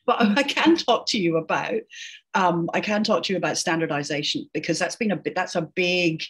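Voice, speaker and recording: Speaking briskly with a fairly bright, breathy tone, this lowish-voiced middle-aged woman is an educational linguist guesting on a casual interview. She explains in a chatty manner, laughs a lot, and keeps tagging remarks with "right?".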